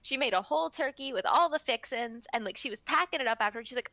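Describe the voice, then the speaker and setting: Young woman co-streamer, high, bright and lively, chatty and rambling, dry close mic. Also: fast, few pauses, no room sound, lo-fi sound. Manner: chatty, rambling with many fillers, reads game lines aloud. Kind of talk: casual game stream chat.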